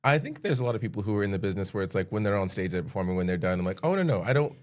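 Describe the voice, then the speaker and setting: A man's voice: sits low, very fast. An American man co-hosting a podcast in casual, playful chat, often restarting his sentences. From United States. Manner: playful, chatty, with stammered restarts. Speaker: podcast co-host.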